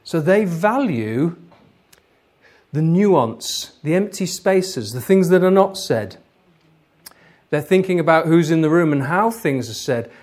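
Lively male workshop lecturer. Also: on the high side, slow. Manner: lively, explanatory, laughs easily. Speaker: lecturer, trainer.

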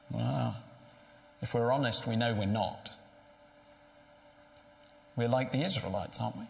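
A man's voice: mid-range voice, creaky. A man preaching a sermon in a conversational way, asking rhetorical questions. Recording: echoey hall with long reverb.

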